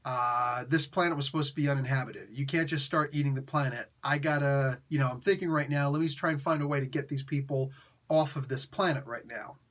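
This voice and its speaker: A man's voice: mid-range voice, steady tone, brisk, fairly bright tone, voice pushed down, natural voice. A man voicing a cool, cocky male thunder god in laid-back slangy talk.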